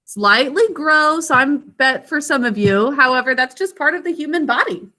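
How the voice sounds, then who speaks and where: A woman teaching a literacy lesson to young children, patient and encouraging, drawing words out slowly to sound out each syllable. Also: sits high, expressive, bright, forceful tone. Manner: encouraging, praises students by name. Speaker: elementary school teacher.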